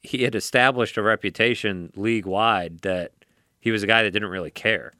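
A wry male co-host with a lowish, bright and smooth voice, trading opinions in casual sports talk. The mic is close and dry. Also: moderate pace, dry recording.

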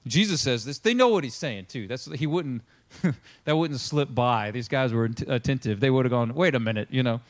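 Male pastor, casual sermon delivery, mid-pitched, playful with quoted voices. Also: expressive, moderate pace. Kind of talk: conversational sermon.

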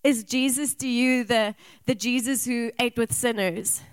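A woman's voice: fairly high pitch, fairly even intonation, a little slow, clear, resonant tone, dry recording. Woman preacher asking rhetorical questions. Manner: rhetorical questions, personal storytelling with laughs. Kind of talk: sermon.

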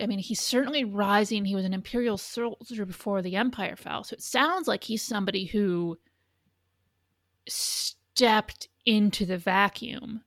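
A woman co-hosting a podcast, talking in a loose, rambling way with lots of restarts and casual swearing. Her voice has a gravelly edge. The recording is dry and close. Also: medium pitch, fairly bright tone, dry recording. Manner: rambling, profane, frequent restarts. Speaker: podcast co-host. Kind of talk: casual chat.

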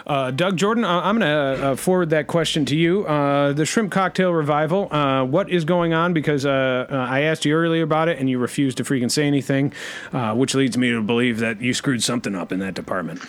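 Rambling deadpan male podcast host. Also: a little high, a little fast, faint music behind. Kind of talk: comedy podcast rant.

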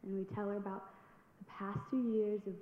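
A young woman giving a personal testimony in church, telling her story earnestly and building to loud exhortation. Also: mid-range voice, completely flat delivery, brisk. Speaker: youth speaker giving testimony. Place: large church sanctuary. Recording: echoey hall, dull sound, faint noise.

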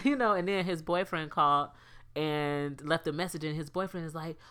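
A woman co-hosts a casual podcast chat, her low, smooth voice moving at a normal speed. She tells animated stories and acts out quotes.

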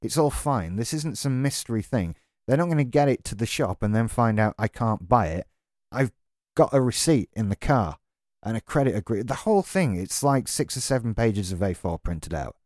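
A man's voice: mid-range voice, lively intonation, moderate pace, darkish tone, dry recording, studio quality. A man delivering an exasperated, sarcastic, sweary rant as a tech vlogger. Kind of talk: ranting monologue to camera.

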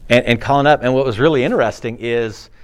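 A man in his thirties preaching a sermon in a conversational, animated way, acting out quotes and laughing often. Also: medium pitch, fast, clean tone. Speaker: pastor.

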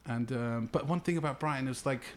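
A man's voice: mid-range voice, fast. A man casually recounting his graffiti days, rambling and laid-back, full of slang and laughter. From London. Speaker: graffiti writer guest. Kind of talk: casual storytelling chat.

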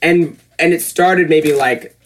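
A young man co-hosting a podcast, chatting casually and joking, dropping into quick quoted voices. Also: on the high side. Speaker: podcast co-host. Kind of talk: casual chat.

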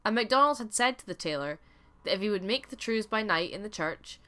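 A woman narrating a folk tale as a podcast storyteller, in a measured, scripted storytelling delivery. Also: mid-range voice, lively intonation, fairly bright tone.

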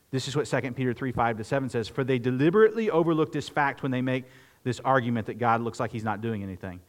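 A man preaching an expository sermon, reading scripture with rising intensity and breaking into conversational asides. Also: fairly bright tone. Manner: earnest, rises in pitch and volume when reading scripture aloud. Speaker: pastor.

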